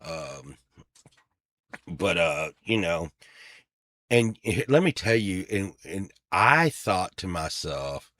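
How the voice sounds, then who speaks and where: A man's voice: sits low, big pitch swings, slow, pauses often, pushed and bright, no room sound, studio quality. A middle-aged man telling a rambling, profane personal story, full of fillers and restarts. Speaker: storyteller on a podcast. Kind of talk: casual storytelling.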